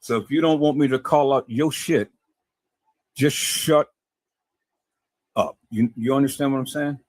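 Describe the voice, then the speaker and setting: A man's voice: medium pitch, a little fast, mellow, no echo. A man talking to his viewers in a casual, preachy way, often stammering and repeating words. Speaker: video host.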